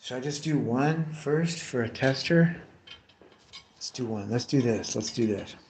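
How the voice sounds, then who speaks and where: A middle-aged tree care worker vlogs while cutting bottles, rambling casually and swearing a lot as he rants about old bosses and work crews. His medium-pitched voice is lively in intonation, unhurried, and a little mellow, with slight background noise.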